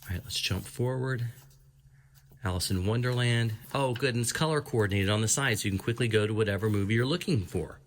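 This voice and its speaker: A man hosts his own review channel, leafing through a book and reading out entries. His voice sits on the low side, and his delivery stays casual and chatty, with quick asides between pages. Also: a little hiss or hum. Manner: chatty, reads entries aloud, small laughs. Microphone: camera framing his hands and a book.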